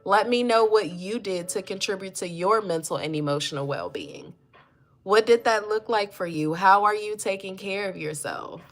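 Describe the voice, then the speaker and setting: A woman's voice: medium pitch, lively intonation, moderate pace. A woman, hosting a casual mental health livestream, chatty and encouraging, greeting viewers and reading their comments aloud. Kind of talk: casual motivational livestream talk.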